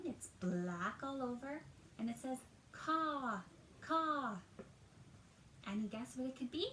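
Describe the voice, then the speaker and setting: A woman's voice: fairly high pitch, reverberant, a little hiss or hum, low-quality recording. A woman teacher reading a picture book aloud to young children at home, drawing out words and asking them questions. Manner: animated, drawn-out words, talks to children. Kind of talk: storytime read-aloud. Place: at home, roomy indoor space.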